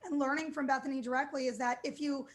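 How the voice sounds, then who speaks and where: A woman's voice: high voice, fairly even intonation, fast. A woman in her thirties, a DJ and entrepreneur, answering questions in a news interview with upbeat, fluent talk and frequent fillers. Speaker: guest, DJ and entrepreneur.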